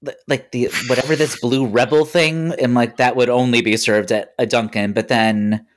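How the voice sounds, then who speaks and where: A man's voice: medium pitch, fairly even intonation, normal speed. A man co-hosting a podcast, answering in a sarcastic, teasing way. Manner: sarcastic, dry teasing quips. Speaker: podcast co-host. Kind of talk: casual chat.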